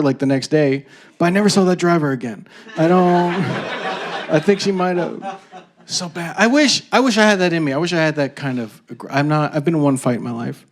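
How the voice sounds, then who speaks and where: A male stand-up comedian on stage with a higher-than-usual voice. He tells his stories in an animated way, jumping into voices and shouted lines. It's a live comedy set performed to a room. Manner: animated storytelling with shouted bits and voiced characters. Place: comedy stage before a laughing audience.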